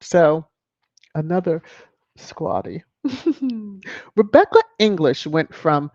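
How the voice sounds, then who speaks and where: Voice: medium pitch, big pitch swings, takes it slowly, pauses often, darkish tone, no echo. A commentator on a video channel, sassy and mocking, chuckling often while reading headlines and viewer comments aloud. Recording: dull lo-fi, dry close mic.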